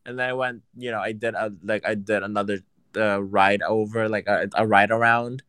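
A man in casual chat, telling a story in an animated, profane and sassy way. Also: lowish voice, moderate pace, clear, resonant tone, no echo.

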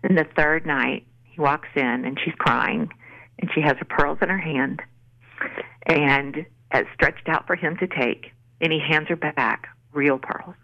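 A woman's voice: low voice, a little slow, gravelly, bright, forceful tone, muffled recording. A woman author giving an earnest faith testimony in a podcast interview, acting out the voices in her stories. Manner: earnest storyteller, acts out quotes. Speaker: author guest.

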